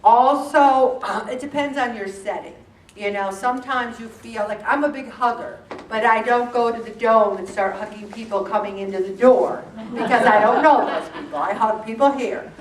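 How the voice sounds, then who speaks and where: A woman in her sixties from the United States, giving an animated personal talk to a church support group with self-deprecating humor. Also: fairly high pitch, moderate pace. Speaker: speaker at a faith-based support group. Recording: echoey room from far off.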